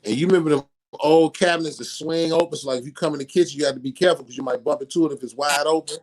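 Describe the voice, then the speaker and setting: A man telling a profane, animated story in casual podcast chat. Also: a little high, very fast.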